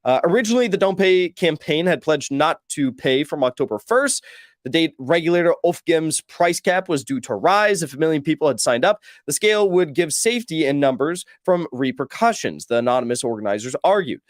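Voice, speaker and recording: A man's voice: fairly high pitch, animated, brisk, no echo, clean studio sound. A man hosting a political show, reading news articles aloud and adding commentary, stumbling over numbers. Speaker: host.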